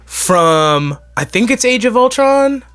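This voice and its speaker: A man's voice: very high-pitched, big pitch swings, takes it slowly, a bit bright. A man co-hosting a podcast, chatting casually and joking, with lots of fillers. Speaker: podcast co-host. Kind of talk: casual chat.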